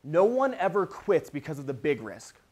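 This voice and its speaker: A young man giving a live keynote to students, telling stories in an animated way and acting out the reactions. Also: on the high side, moderate pace, slightly rough. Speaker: motivational speaker. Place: event with a live audience.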